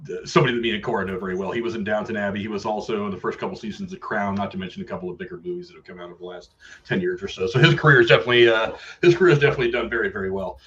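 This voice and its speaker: Casting note: quick, lowish-voiced male podcast host, muffled lo-fi sound. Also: steady tone, a bit bright. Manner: quick, steers the talk to others. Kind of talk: casual chat.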